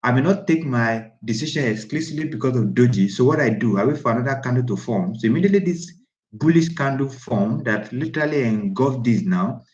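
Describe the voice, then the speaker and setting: A man's voice: medium pitch, animated, a little fast, darkish tone. A man teaching a trading lesson over a shared chart, repeating and restarting phrases for emphasis. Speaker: trading instructor. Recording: roomy, slightly dull lo-fi audio.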